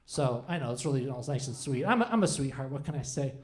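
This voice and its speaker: Rambling stand-up comic with lively pitch. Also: male voice, fast. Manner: rambling, self-deprecating, many restarts. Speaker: stand-up comedian. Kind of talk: stand-up comedy set. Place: comedy club stage.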